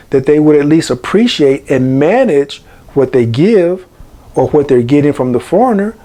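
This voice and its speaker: A man's voice: a little high, dark tone. A middle-aged man hosting a channel, giving a preachy monologue that keeps coming back to the same phrases. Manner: preachy, repeats key phrases. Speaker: channel host. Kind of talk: monologue to camera.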